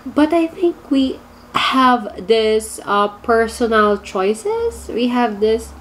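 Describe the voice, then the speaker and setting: A woman's voice: medium pitch, a little hiss or hum. A woman with a Filipino accent reacting to pageant gowns in a casual vlog, gushing and torn between favorites, full of exclamations. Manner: gushing, indecisive, lots of exclamations. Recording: music playing behind.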